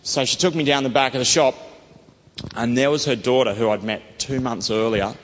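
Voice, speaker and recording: A man's voice: medium pitch, steady tone, moderate pace, slight background noise. Man, rambling testimony, echoey hall, dull lo-fi mic. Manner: enthusiastic, rambling, frequent "you know" and "um". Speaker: interviewee sharing a faith testimony. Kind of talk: conversational storytelling.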